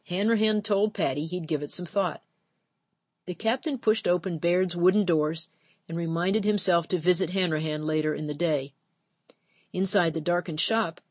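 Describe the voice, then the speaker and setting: Low-voiced woman reading a story, dry sound. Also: breathy edge, no echo. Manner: measured, steady storytelling. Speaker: audiobook narrator. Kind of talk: scripted narration.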